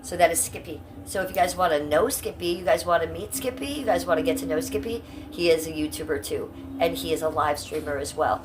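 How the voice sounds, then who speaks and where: A woman's voice: lowish voice, fairly quick, hardly any pauses, background noise. A middle-aged woman from Ohio chatting casually on a live stream, blunt and profane, reading out and answering her chat. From Cleveland, Ohio, USA.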